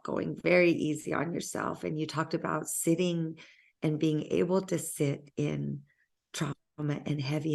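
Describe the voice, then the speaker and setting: A woman hosting an interview, talking reflectively in a halting, soft-spoken way with many pauses. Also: deep voice, gravelly. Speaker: interview host.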